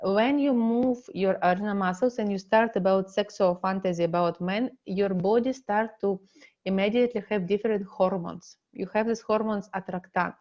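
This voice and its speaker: Russian-accented woman coaching slowly. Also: medium pitch, darkish tone, muffled recording. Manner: slow, deliberate, non-native English with halting pauses. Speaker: relationship coach. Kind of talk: online seminar teaching.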